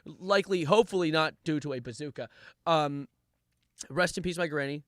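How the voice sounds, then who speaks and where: A man's voice: on the high side, normal speed, fairly bright tone, no echo, studio quality. A man streaming a comedic lyric breakdown in a mock-serious manner, breaking into laughs and yelps.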